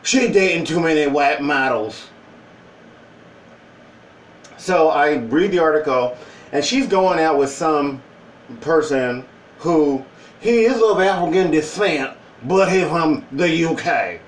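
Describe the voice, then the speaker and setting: A man's voice: fairly high pitch, expressive, a little slow, roomy sound, distant mic, rough recording. A man talking casually in a joking opinion vlog, with playful asides and put-on voices. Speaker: vlogger.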